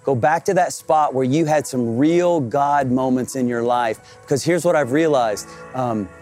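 A man's voice: medium pitch, a little slow, darkish tone, faint music behind. A middle-aged man, a senior pastor, giving an earnest and emotional personal testimony in a church sanctuary, repeating phrases as he tells it.

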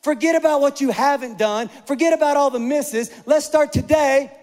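A middle-aged man preaching a sermon, animated and conversational, with self-deprecating humor. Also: extremely high pitch, normal speed, big-room sound. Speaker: pastor.

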